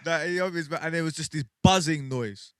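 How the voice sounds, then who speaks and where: A man telling a ghost story in casual podcast banter, animated and laughing often. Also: on the high side, fast talker. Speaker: podcast co-host.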